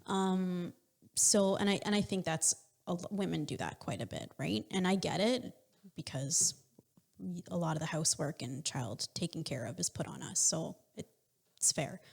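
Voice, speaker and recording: A woman's voice: lowish voice, normal speed, vocal fry, a little mellow, husky. A middle-aged woman talking casually as co-host with her husband, thoughtful and explaining, with many fillers. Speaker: co-host, wife. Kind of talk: casual conversation.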